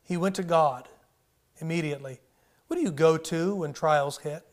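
A man's voice: on the high side, normal speed. A man preaching a sermon in a conversational way, asking his listeners frequent rhetorical questions. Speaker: pastor.

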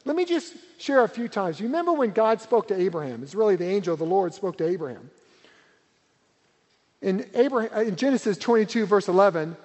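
A man preaching a sermon as pastor, earnest and emphatic, repeating key words for weight. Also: sits high. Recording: reverberant hall.

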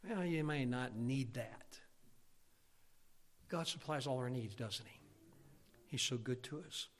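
A middle-aged pastor preaching a sermon, folksy and conversational, swelling into emphatic outbursts. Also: male voice, medium pitch, slow, in a large hall.

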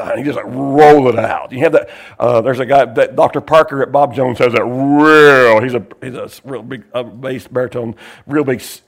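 An older man preaching a sermon in a folksy, digressive way, often laughing as he goes. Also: mid-range voice. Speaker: pastor.

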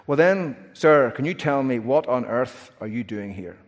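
A man's voice: medium pitch, animated, moderate pace, natural voice. A man voicing a stern, officious male supervisor angel who questions formally, like a clerk, in a reverberant hall.

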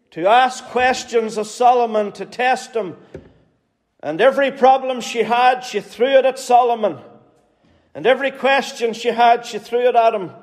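Northern Irish preacher in a reverberant hall. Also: male voice, high voice. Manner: earnest, pleading, repeats phrases for emphasis. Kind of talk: sermon.

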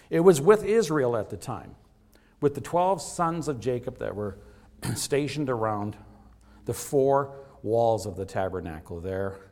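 Before his congregation, a man delivers an earnest, emphatic sermon. He stresses his points by letting his voice climb and drop, with big swings in both pitch and loudness.

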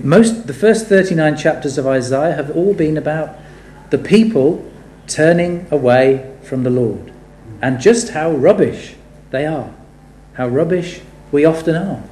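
A man preaching a sermon, animated and building to emphatic rhetorical questions. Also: a little high, slight background noise. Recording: echoey room.

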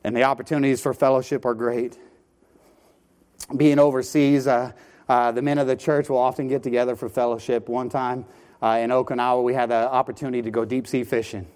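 A man preaching a sermon from a church pulpit. He tells a story with lively energy and often repeats words as he starts a phrase. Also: medium pitch, brisk, smooth. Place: church sanctuary.

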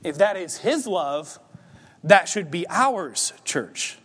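A man delivering a sermon in a church, his fairly high voice carried by a long hall reverb. He talks to the congregation in a conversational way, then builds to emphatic, forceful peaks. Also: animated, slow pace, husky. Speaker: pastor. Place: church sanctuary.

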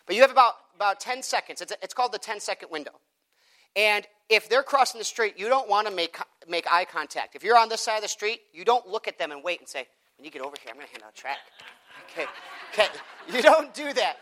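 Guy with a high bright voice teaching evangelism to a group, acting out street talks. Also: a little fast. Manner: animated, acts out both sides of conversations. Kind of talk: teaching talk with acted street dialogues.

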